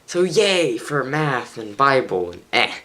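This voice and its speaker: Tired teenage boy with a bright voice. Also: medium pitch, very animated, takes it slowly. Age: teens. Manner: rambling, chatty, self-mocking. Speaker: vlogger. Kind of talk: casual daily vlog chat. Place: his bedroom at home.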